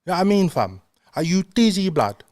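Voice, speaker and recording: A man's voice: sits high, sing-song, fairly quick, no room sound, clean studio sound, voice pushed up. A man putting on a brash London roadman. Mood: confrontational. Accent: put-on London street slang. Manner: brash, challenging, loud. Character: swaggering young male London roadman, confrontational.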